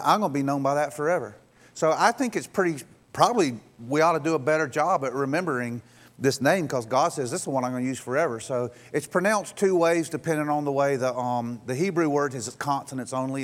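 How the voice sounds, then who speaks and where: Man, pastor, sermon, fairly high voice, acts out god's lines lower. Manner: conversational, acts out dialogue with God in a lower voice.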